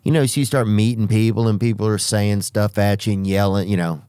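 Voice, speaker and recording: A man hosting a podcast, telling rambling comic stories with profanity and drawn-out asides. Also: fairly low pitch, steady tone, warm tone, clear, resonant tone, no room sound, studio quality. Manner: profane, drawn-out asides, sudden character voices. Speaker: podcast host.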